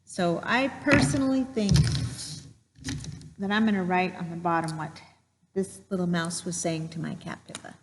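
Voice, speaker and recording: A woman teacher telling a true story to children in a gentle, patient way while she draws. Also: fairly low pitch, fairly even intonation, normal speed, pauses often, in a large hall, noisy background.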